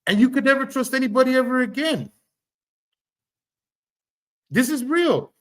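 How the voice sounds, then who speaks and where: A man's voice: extremely high pitch, lively intonation, moderate pace, a bit bright. A man giving heated livestream commentary on online drama, swearing freely and often stumbling and restarting his sentences.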